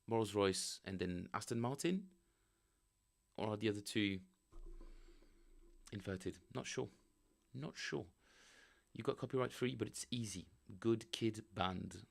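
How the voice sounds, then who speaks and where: A bass player streaming his practice chats casually with viewers, rambling, joking, and reading the chat aloud. His voice is fairly low, with vocal fry.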